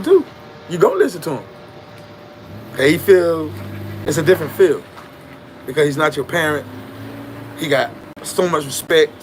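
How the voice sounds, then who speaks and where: A man's voice: a little high, vocal fry, fairly bright tone, slight background noise. A man telling a story in a casual, slangy, emphatic monologue with a preachy edge.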